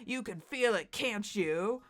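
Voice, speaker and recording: A woman voicing a big, boastful male buck with a Southern drawl and a booming, hearty manner in a dramatic webcomic read-aloud. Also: expressive, slow pace, fairly bright tone. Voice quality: hearty chuckle, booming bravado. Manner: grandiose, speaks of himself as "the mountain".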